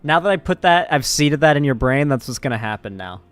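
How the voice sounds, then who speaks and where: A man streaming casually, joking and reading his chat aloud in an animated way. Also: mid-range voice, a little fast, faint music behind. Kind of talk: casual live-stream commentary.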